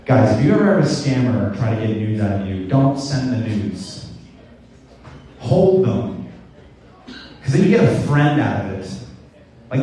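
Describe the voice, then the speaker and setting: A man's voice: medium pitch, a little mellow. A young man doing a rambling, self-deprecating stand-up comedy set with stammered restarts. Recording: echoey room, mic heard from a distance.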